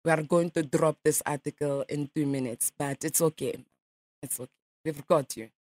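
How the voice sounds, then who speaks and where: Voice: medium pitch, fairly even intonation, normal speed, a little mellow, dry recording, pitched below the performer's own voice, close to an everyday voice. A radio host putting on a pushy fake Russian gossip reporter. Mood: falsely soothing. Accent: put-on Russian. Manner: brash, prying, mocking questions. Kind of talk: prank call.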